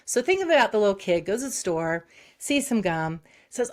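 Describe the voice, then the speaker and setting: A woman psychologist, a guest on an interview show, who explains concepts briskly and acts out short examples. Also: medium pitch, expressive. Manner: explains quickly with acted-out examples.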